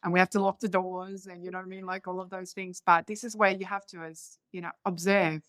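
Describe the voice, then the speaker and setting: A woman's voice: fairly low pitch, flat delivery, a little fast, fairly bright tone, no room sound. A woman in her fifties from Croatia, with a Croatian accent and slightly broken English, telling rambling family stories as a podcast guest. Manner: rambling storytelling with non-native grammar slips. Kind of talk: casual conversation.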